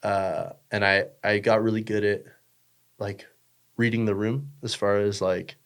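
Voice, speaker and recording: A man's voice: on the low side, little pitch movement, a little slow. A young man chatting casually as a podcast guest, rambling with lots of fillers, swearing and joking. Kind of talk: casual chat.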